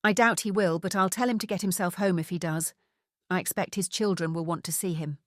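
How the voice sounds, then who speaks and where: A woman's voice: lowish voice, steady tone, brisk, no room sound, clean studio sound, close to an everyday voice. A woman doing a matter-of-fact campsite owner. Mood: plain.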